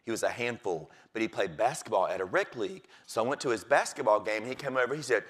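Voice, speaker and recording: Middle-aged guy telling teacher stories, pitch jumping all over, does little voices for the kids. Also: fast, hardly any pauses. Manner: lively, acts out voices of kids and principal. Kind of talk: storytelling talk.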